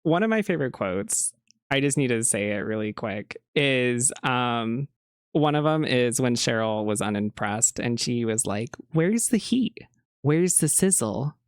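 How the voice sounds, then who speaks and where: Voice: medium pitch, animated, a little slow, clean tone, no room sound, clean studio sound. A podcast co-host in casual chat who laughs often and quotes lines with playful emphasis.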